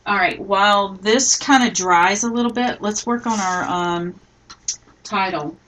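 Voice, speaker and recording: A middle-aged woman hosting a live scrapbooking tutorial, chatting casually and thinking aloud as she works, often trailing off softly. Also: mid-range voice, unhurried, noisy background.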